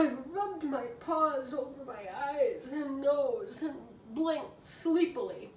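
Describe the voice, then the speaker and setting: A woman reading a children's storybook aloud in an expressive, animated way. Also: on the high side, distant mic, slight background noise. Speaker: reader. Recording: echoey room from afar.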